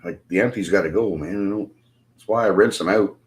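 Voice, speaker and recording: Low-pitched and brisk, this middle-aged man hosts a livestream, telling profane, lively stories to his viewers while cursing nonstop and laughing as he goes.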